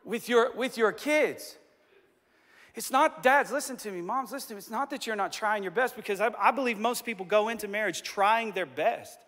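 Man in his forties, pastor preaching, animated and emphatic, high bright voice, reverberant hall. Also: moderate pace. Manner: animated, emphatic storytelling, self-deprecating. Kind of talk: sermon. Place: stage in a large hall.

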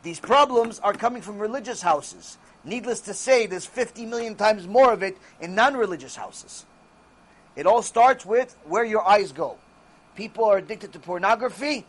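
Very high-voiced man preaching emphatically. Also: animated, normal speed. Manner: emphatic, answers his own rhetorical questions. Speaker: religious teacher. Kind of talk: Torah lecture.

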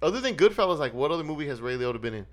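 A man's voice: fairly high pitch, big pitch swings, very fast. Rambling, swearing male podcast co-host. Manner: rambling, swearing, acts out movie lines. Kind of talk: casual chat.

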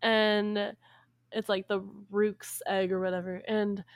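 A woman's voice: mid-range voice, little pitch movement, clear, resonant tone, no room sound. A young woman casually retelling a folk tale to a friend, laughing often and briefly voicing the characters. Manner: laughs often, acts out characters with quick voices. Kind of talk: casual storytelling chat.

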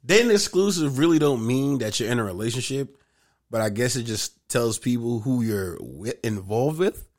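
A man with a slight lisp co-hosts a podcast, his pitch jumping lively up and down as he jokes. He talks in a loose, profane, animated way and is quick to riff. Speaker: podcast co-host. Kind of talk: casual chat.

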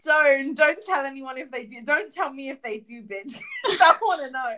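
A woman's voice: sits high, lively intonation, moderate pace, sharp tone. A young woman from England co-hosting a comedy podcast, giggly and swearing freely. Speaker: podcast co-host. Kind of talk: casual comedy podcast chat.

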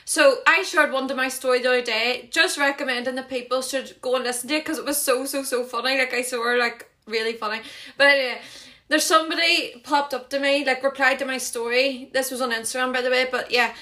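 A woman in her twenties with a Northern Irish accent, hosting a podcast in casual solo chat. She rambles in a chatty way with self-conscious asides and talks fast and loud. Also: sits high, fairly even intonation. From Northern Ireland. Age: 20s. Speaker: podcast host.

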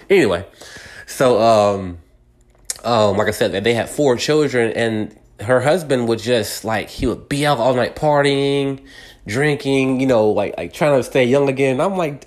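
A man's voice: medium pitch, lively intonation, normal speed. A man telling a personal story in a rambling, conversational way, full of fillers and restarts, acting out what people said. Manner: rambling, many fillers and restarts, acts out quoted voices. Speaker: podcast host.

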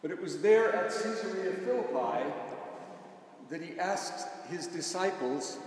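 A man preaching a sermon as pastor, in a measured way, stressing key words. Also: high voice, animated. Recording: echoey church hall from far off, faint noise.

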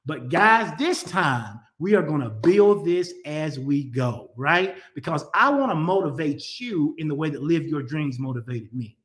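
A middle-aged man pastoring through a casual live stream, his voice pitched a little above the usual male range. He jokes and teases, greeting people by name. It sounds like a phone or webcam stream from home. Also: lively intonation, measured pace, few pauses, fairly bright tone. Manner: playful, teasing, greets viewers by name. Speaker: pastor hosting a weekly live talk.

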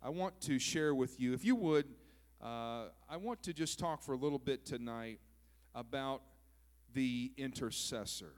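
A man's voice: medium pitch, measured pace. A pastor from southern Minnesota preaching a folksy, joking sermon that he peppers with "praise God" and "amen.".

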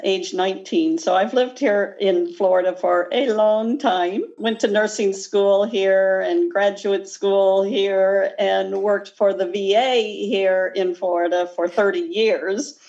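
A woman's voice: mid-range voice, steady tone, takes it slowly, few pauses, a little mellow, dull audio. A woman in her sixties with a Midwestern accent, a guest nurse practitioner speaking earnestly in a podcast interview.

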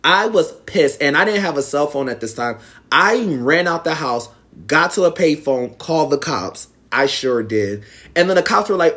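Speaking at a moderate pace and fairly high pitch, this young man casually shares a personal story with his viewers. Whenever he quotes someone, he raises his voice and acts it out with animation.

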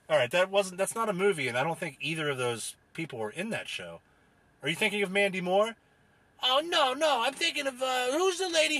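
A man's voice: high voice, bright, forceful tone, no echo, voice pushed up, heavily acted. A man doing a rambling, dim-witted dad. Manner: rambling, confused, eager. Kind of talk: improvised comedy character.

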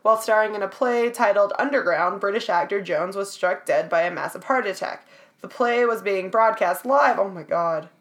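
A woman's voice: medium pitch, normal speed. A woman reading out trivia in a casual chat, laughing often and swearing freely.

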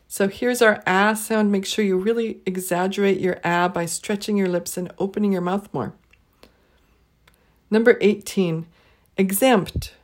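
A woman leading a pronunciation drill, saying each word twice, clearly and slowly. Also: mid-range voice. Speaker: pronunciation teacher. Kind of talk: slow, deliberate pronunciation drill.

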